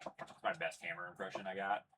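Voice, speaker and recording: A man's voice: low-pitched, little pitch movement, a little fast, pushed and bright, a little hiss or hum. A young man casually announcing each card pulled as he hosts a live card break, chatty and upbeat. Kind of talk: live card-opening commentary.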